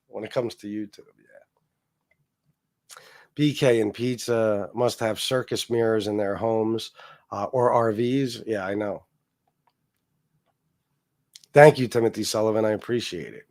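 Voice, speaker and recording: A man in his forties hosting a livestream, ranting in a heated, profane way that swings between loud jabs and low mutters. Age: 40s. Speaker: livestream host.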